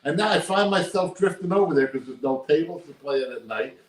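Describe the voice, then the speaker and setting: A man's voice: fairly high pitch, lively intonation, a little fast. An older man, a poker player, talking casually and emphatically in an interview, repeating his points. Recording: roomy echo.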